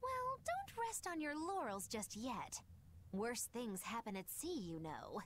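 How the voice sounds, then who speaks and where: A woman's voice: a little high, big pitch swings, measured pace, a little hiss or hum. A woman voicing a seasoned pirate woman who talks in a dry, teasing, cautionary way in game dialogue. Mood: wry.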